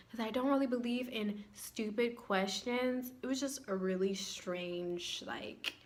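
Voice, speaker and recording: A young woman vlogging, telling sarcastic stories about her first day of classes and acting out the people in them. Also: mid-range voice. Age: young adult. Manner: sarcastic, animated, acts out people she quotes. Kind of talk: casual storytelling vlog.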